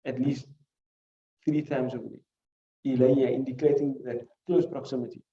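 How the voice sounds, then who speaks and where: A man's voice: mid-range voice, level tone, moderate pace, slight background noise. Man teaching hadith, echoey room. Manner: explains word by word, asks rhetorical questions; recites classical Arabic phrases between English. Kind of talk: classroom lesson. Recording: muffled recording in echoey room.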